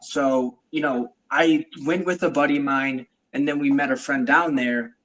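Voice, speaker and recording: A man's voice: medium pitch, steady tone, normal speed, fairly bright tone, low-quality recording. A man hosting a podcast, telling a personal story in casual chat with many fillers. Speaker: podcast host.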